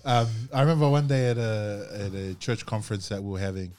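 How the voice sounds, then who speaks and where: A podcast host with a lowish, darkish male voice talks fast and casually, with many fillers and restarts.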